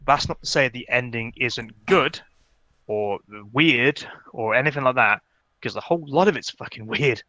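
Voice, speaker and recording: This podcast co-host has a medium-pitched, sharp-toned voice and a moderate pace, with no room sound in the recording. He chews gum as he chats casually about a game, rambling through many fillers and restarts.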